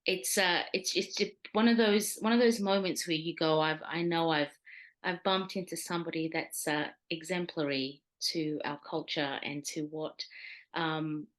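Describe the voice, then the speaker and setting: A woman's voice: low voice, fairly even intonation, unhurried. Woman hosting an interview. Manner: enthusiastic, many fillers. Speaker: talk show host.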